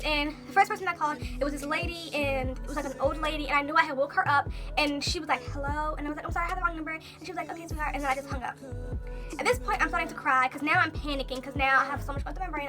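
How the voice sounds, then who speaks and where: A young woman vlogger telling a personal story in a casual, animated way, full of fillers and quoted thoughts. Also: high-pitched, over music. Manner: animated, talks fast with many fillers.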